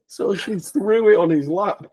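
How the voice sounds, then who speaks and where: A man's voice: sits high, darkish tone, slightly rough, poor audio. Man laughing through an anecdote. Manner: laughs through the story, with frequent restarts and stumbles. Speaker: guest speaker on a charity talkathon livestream. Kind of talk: casual anecdote storytelling.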